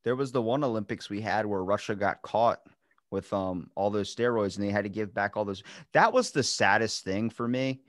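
A man's voice: moderate pace, no echo, clean studio sound. A man hosting a podcast in casual chat, telling stories animatedly and acting out what people said. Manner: animated storyteller, acts out quotes with big pitch jumps. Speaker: podcast host.

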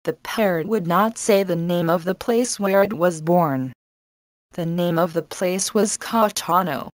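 A woman teacher reading an English lesson and a story aloud, slowly and carefully. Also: on the low side, dry recording. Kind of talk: scripted lesson narration.

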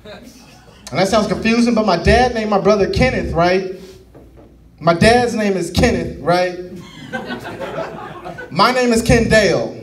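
Wysoki, ożywiony głos komika. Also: male voice, high-pitched, slow pace, pauses often. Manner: animated, chuckles through punchlines, addresses crowd. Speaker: stand-up comedian. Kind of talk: stand-up set. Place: comedy club stage. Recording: distant stage mic with crowd laughter.

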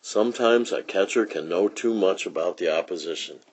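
A man reads a comic book aloud for young children in a relaxed storytelling manner. His voice is low and deep, with a husky grain. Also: normal speed. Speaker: reader. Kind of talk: children's read-aloud narration.

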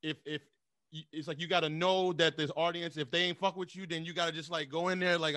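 A male podcast host chatting casually with a guest, relaxed, often answering with "right, right.". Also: on the high side, fast, dry recording, studio quality. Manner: relaxed, frequent "right, right" acknowledgements.

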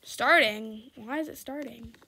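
A woman's voice: fairly high pitch, a little slow, bright, forceful tone. A young woman giving casual, giggly commentary on her gameplay, laughing often and shrieking for help. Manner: giggly, exclaims and shrieks, reads chat aloud. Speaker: gaming YouTuber.

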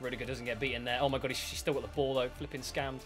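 A man's voice: mid-range voice, racing, soft background music. A young man playing a football video game with a friend, panicking and laughing as he comments. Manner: animated, panicky, laughs often. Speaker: gamer. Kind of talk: excitable gaming commentary.

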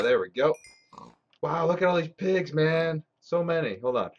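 A man's voice: fairly high pitch, lively intonation, moderate pace, a little hiss or hum. A man streaming a game live, talking to his chat and swearing often as he grows frustrated. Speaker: gaming streamer. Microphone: desk mic. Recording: slightly dull lo-fi stream audio.

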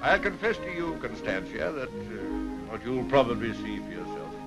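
A stern old earl. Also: male voice, medium pitch, big pitch swings, moderate pace, over music, rough recording. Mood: dry. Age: older. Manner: clipped, dry, commanding. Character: stern elderly male earl, proud, softening. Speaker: aristocrat.

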